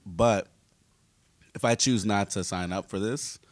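A man's voice: lowish voice, a little slow, no echo. A man co-hosting a casual podcast chat, slangy, emphatic and teasing. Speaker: podcast co-host.

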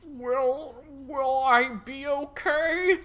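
A woman voicing a panicking male prison guard who begs for his life in slow, drawn-out pleas. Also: high-pitched, fairly bright tone, voice pushed up, full character voice. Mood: pleading. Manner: pleading, drawn out and dragging.

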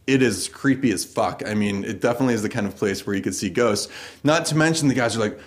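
A man's voice: lowish voice, quick pace. Man, American accent, storyteller, casual, laughs as he talks. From United States. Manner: casual, laughs through the funny parts. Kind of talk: personal story told live.

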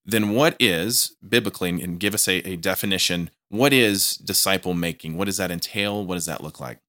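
A low-voiced man with a bright, forceful tone hosts a casual podcast interview. He is eager and repeats himself as he restarts his phrases. The sound is dry and close, from a small studio. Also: brisk, no room sound. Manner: enthusiastic, repetitive restarts, stammering on words. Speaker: podcast host. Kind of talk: interviewing guest in casual chat.

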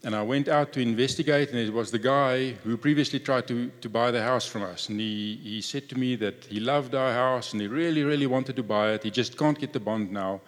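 A man's voice: medium pitch, fairly quick, hardly any pauses, big-room sound. A man sharing a personal testimony in a conversational storytelling way.

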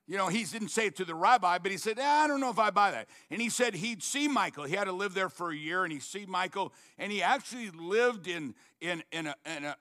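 A man's voice: high-pitched, sharp tone. A male pastor preaching, retelling a story earnestly with frequent restarts. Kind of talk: sermon storytelling.

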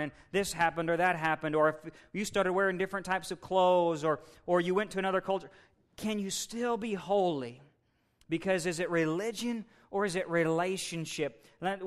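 A man preaching a sermon as pastor, building from measured and quiet to loud and excited. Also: on the high side, smooth.

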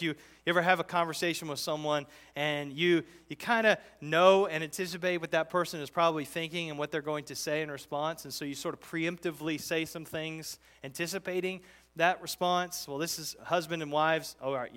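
This pastor is a male preacher with a bright, high-pitched voice, delivering an expository sermon. His preaching is conversational, emphatic and animated, and he frequently restarts his sentences.

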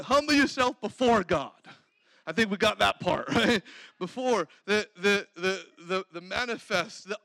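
A male preacher with a strikingly high voice and a gravelly edge, delivering an energetic sermon. He laughs often and breaks into praise. The sound is close and dry. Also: no echo, rough recording. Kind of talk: lively sermon.

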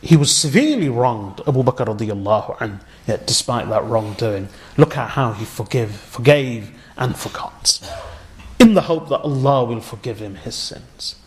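A man preaching a sermon, telling an old story with earnest feeling and Arabic religious phrases, sinking to a hushed voice at the most moving points. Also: medium pitch, expressive, normal speed, slight background noise.

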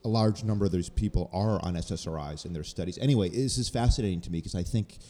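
A man's voice: deep voice, fast, warm tone, long reverb tail. A man in a casual podcast chat, analytical, explaining research findings at length.

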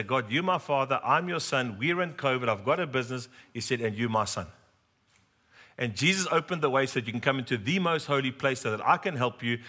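Middle-aged male pastor; humorous storytelling sermon, bright tone, addresses the congregation directly. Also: mid-range voice. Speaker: preacher.

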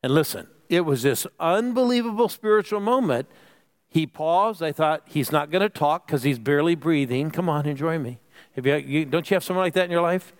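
Speaking a little fast, this preacher has a slightly high voice with lively intonation. He delivers an energetic sermon, urging the congregation to respond and now and then lowering his voice to a whisper to drive a point home.

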